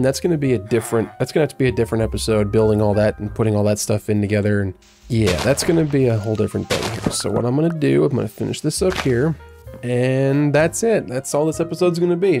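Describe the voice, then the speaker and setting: Soft music plays behind a gaming YouTuber as he talks to himself playfully, rambling casually through Let's Play commentary. He speaks fast at medium pitch, with vocal fry and a dark tone.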